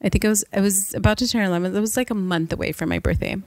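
Young woman, podcast co-host, animated storyteller; mid pitch, dry close sound. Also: very fast, no echo. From Mexican-American family. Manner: animated storyteller, acts out quotes in high voices. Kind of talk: casual chat.

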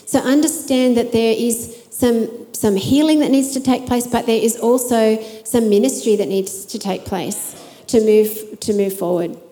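Female preacher, earnest sermon, high and mellow voice, hall reverb. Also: unhurried.

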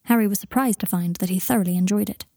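A woman narrating a story in a calm, even reading voice on a close microphone. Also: medium pitch, quick pace, no echo. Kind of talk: storybook narration of fan fiction.

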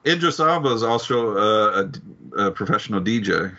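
A man co-hosting a casual movie podcast, halting and restarting sentences with dry jokes. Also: fairly low pitch, animated, bright, forceful tone, muffled recording. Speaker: podcast co-host.

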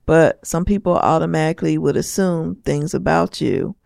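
Southern woman co-host, easygoing and unhurried, a touch of fry, dry close mic. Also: sits low, darkish tone, no echo. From Southern United States. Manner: laid-back, unhurried delivery. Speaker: podcast co-host. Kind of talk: casual chat.

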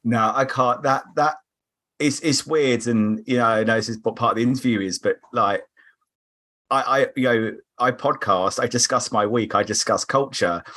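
Speaking at a normal speed in a mid-range voice with a fairly bright tone, a South London man from England guests on a podcast. He chats casually and tells stories, slipping into quoted voices.

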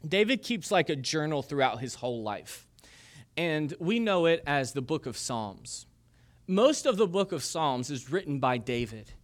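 A male pastor preaches a sermon, telling a story with casual jokes and asides. His voice sits a little high for a man, and his tone is conversational rather than formal. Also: sing-song, measured pace.

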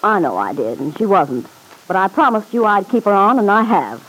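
A wry, weary nightclub owner. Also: female voice, mid-range voice, very animated, normal speed, fairly bright tone, low-quality recording. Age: middle-aged. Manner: wry, self-mocking, laughs often. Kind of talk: 1940s radio acting.

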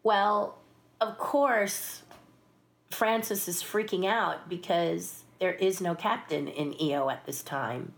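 A woman's voice: lowish voice, a little slow, vocal fry, hardly any pauses. A woman who works as a puppeteer and stunt performer, telling behind-the-scenes stories in a casual interview and acting out the voices. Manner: lively, acts out voices in her stories, laughs often. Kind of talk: casual anecdotal storytelling.

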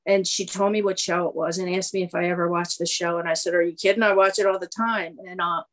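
A woman's voice: lowish voice, fairly even intonation, fast, fairly bright tone, poor audio. Middle-aged woman telling a rambling personal story. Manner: conversational, rambling, many fillers and restarts. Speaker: recovery meeting speaker.

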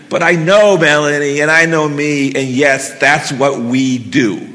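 Man, live storyteller, high bright voice, intense halting delivery, stage mic with long hall reverb. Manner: intense, halting, emotional retelling.

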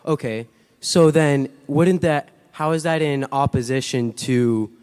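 A man in the audience asking a question hesitantly, full of pauses, his voice partly gone. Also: mid-range voice, darkish tone, clean tone. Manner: hesitant, many fillers. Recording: reverberant hall mic.

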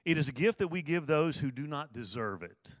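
A man's voice: fairly high pitch, expressive, brisk, dry recording, clean studio sound. A man preaching a sermon, earnest, repeating his key phrases for emphasis. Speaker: pastor.

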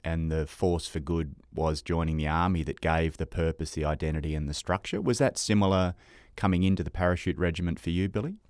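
Deep-voiced man, dry sound. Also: brisk, a little mellow, dry recording. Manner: thoughtful, poses long framing questions. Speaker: podcast host. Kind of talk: interview questions.

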